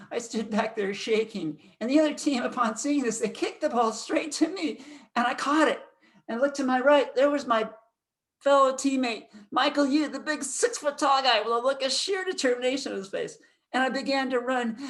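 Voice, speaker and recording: A man in his sixties giving a storytelling speech at a speaking club, animated, swinging from loud excitement to hushed tones. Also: very high voice, gravelly.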